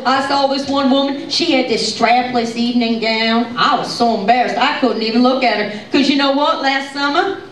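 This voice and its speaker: A woman playing a folksy, giggly country comedienne, telling jokes in a live stand-up monologue on stage. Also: close to an everyday voice. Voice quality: high, bubbly voice with frequent giggles. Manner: chatty, gossipy country storytelling. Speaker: tribute comedian. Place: stage show in a hall. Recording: echoey hall, mic from far off.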